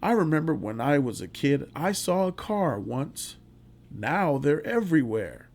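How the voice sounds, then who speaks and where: A man acting out a frightened, sad elderly ex-convict in a quiet, weary, slow voice. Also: medium pitch, vocal fry, voice pushed down. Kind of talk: acting out quotes in a vlog review.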